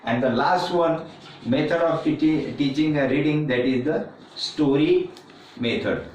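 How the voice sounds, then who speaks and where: A man teaching a classroom lecture on reading methods, talking slowly and repeating himself, with many fillers and restarts. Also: a little high, darkish tone, far from the mic, a little hiss or hum. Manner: slow and repetitive, with frequent fillers and restarts. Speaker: teacher educator. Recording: echoey room, speaker away from the mic.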